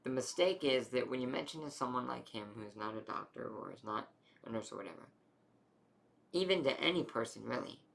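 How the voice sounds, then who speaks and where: A young adult man casually telling a long personal health story, rambling and animated, with many fillers. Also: mid-range voice, a little fast, vocal fry.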